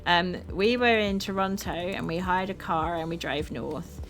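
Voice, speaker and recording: A woman from South London with a South London accent, chatting casually with her viewers while playing a game, upbeat and quick to laugh. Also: fairly low pitch, a bit bright. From South London, England. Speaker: streamer. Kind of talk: casual chat with live chat while gaming. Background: background music.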